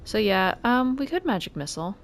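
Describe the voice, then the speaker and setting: A woman doing let's play commentary, calmly calling out each move and roll of a turn-based game. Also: medium pitch, brisk, gravelly, a little hiss or hum. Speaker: gaming video creator. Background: faint game music.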